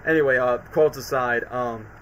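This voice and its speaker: Guy streaming, kinda high bright voice, rambly, lots of "like" and restarts. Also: brisk, slight background noise, rough recording. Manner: rambling, heavy on fillers and restarts. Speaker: streamer host. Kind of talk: casual live-stream commentary.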